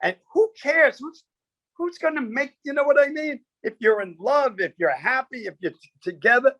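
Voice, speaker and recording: A man's voice: very high-pitched, lively intonation, moderate pace, a bit bright, dry recording, muffled recording. A man, a comedian guest, telling stories with punchy quoted bits and lots of animation.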